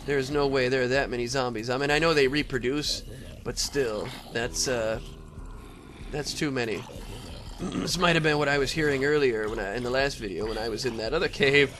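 A man's voice: mid-range voice, normal speed, a bit bright, slight background noise. A man giving casual, rambling commentary over his own gameplay, talking to the monsters and often laughing. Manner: rambling, talks to mobs, frequent laughs and throat clearing. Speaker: Let's Play gamer.

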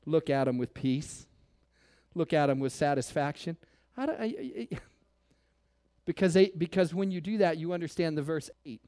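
A male pastor preaching a sermon to his church, firing rhetorical questions and swinging between loud calls and near-whispers. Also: fairly high pitch, animated, normal speed, long pauses.

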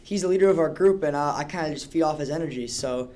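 A teenage high school student giving a rapid, defensive interview answer. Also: male voice. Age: teens. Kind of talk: casual interview. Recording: loud crowd noise behind.

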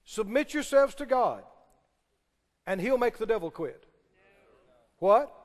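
A man's voice: high-pitched, expressive, takes it slowly, big-room sound. A man preaching a sermon, emphatic and firing questions at the congregation. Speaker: pastor.

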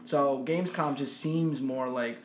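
A man's voice: mid-range voice, steady tone, a little slow. A man co-hosting a casual gaming chat, making his points emphatically. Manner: opinionated, emphatic. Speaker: podcast co-host. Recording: echoey room, faint noise.

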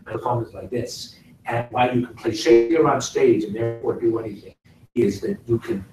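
A man's voice: mid-range voice, brisk, distant mic, faint music behind. Middle-aged man lecturing in an echoey room. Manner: animated, demonstrative, swings between loud and soft to illustrate points. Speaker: guest actor speaking to a class. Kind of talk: casual lecture. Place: classroom.

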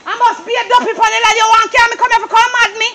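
A woman's voice: very high voice, steady tone, rapid-fire, heavy background noise. A woman with a Jamaican accent playing a woman who insists, over and over, on leaving a plot of land she fears, in a comedy stage play. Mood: angry. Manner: insistent, repeating herself, agitated.

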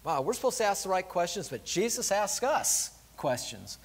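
A middle-aged pastor preaching a conversational, earnest sermon in a church. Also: male voice, mid-range voice, moderate pace, hardly any pauses, in a large hall. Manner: earnest, conversational, drops soft when pleading.

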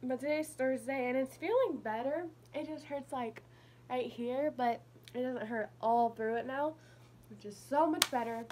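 A woman's voice: high voice, moderate pace, darkish tone, slight background noise. A young woman with a lisp talking casually through a retainer in a personal vlog update. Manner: chatty, slightly mumbled with a retainer in. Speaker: vlogger.

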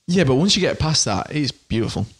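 A man co-hosting a podcast, chatting casually and chiming in with quick quips. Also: fairly high pitch, big pitch swings, slightly rough. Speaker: podcast co-host. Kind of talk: casual chat.

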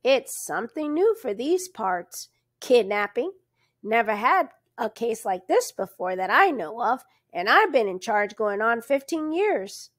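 A woman's voice: a little high, big pitch swings, measured pace, a bit bright, no room sound, studio quality, exaggerated voice. A woman voicing a chatty, suspicious rural male constable with a folksy drawl. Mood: folksy grumbling.

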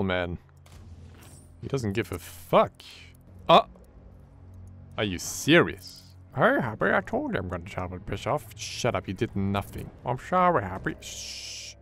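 A man giving horror game let's play commentary, excitable and jokey, swearing often. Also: lowish voice, a little slow, faint music behind. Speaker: gaming channel host.

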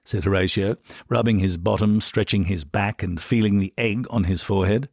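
A man with an Australian accent reading an audiobook in a dry, deadpan storytelling manner. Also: lowish voice, moderate pace, no room sound. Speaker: audiobook narrator. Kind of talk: audiobook narration.

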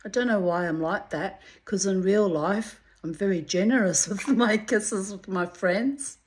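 A woman, reading her old diary entries aloud to her viewers and breaking off into candid, chatty asides, clearing her throat now and then. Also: mid-range voice, unhurried. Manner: candid, muses aloud, swears freely, frequent throat-clearing.

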